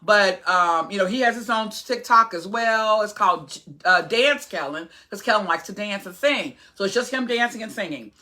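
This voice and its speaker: Bright-sounding woman in her 40s just chatting to her followers, lots of ums and restarts, pretty opinionated. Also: mid-range voice, animated, moderate pace, few pauses. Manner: chatty, rambling with many fillers and restarts; earnest, opinionated. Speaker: vlogger. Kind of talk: casual vlog talk to camera.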